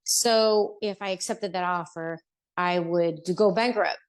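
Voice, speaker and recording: A middle-aged woman, a business owner, appears as a podcast guest and tells her own story in a personal storytelling interview. Her lowish, smooth voice is a little slow, and she speaks earnestly and heartfelt, acting out what people said to her.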